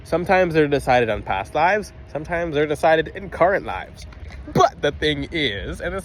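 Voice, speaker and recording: A man's voice: fairly high pitch, expressive, moderate pace, a little hiss or hum. A man casually talking to a phone camera outdoors, emphatic and rambling, with frequent restarts. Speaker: spiritual video host.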